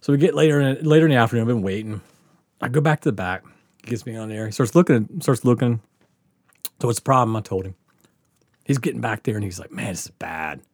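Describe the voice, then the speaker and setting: A man hosting a comedy podcast, telling a story in a casual, animated way, swearing freely and laughing as he goes. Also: medium pitch, quick pace, long pauses, no echo, studio quality. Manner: animated, profane, laughing through his story.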